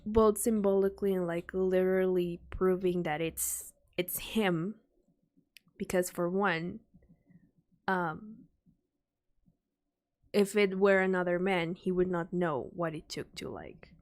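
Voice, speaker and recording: A young woman streaming a casual reaction chat, rambling with many fillers and soft sighs. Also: on the low side, takes it slowly, pauses often.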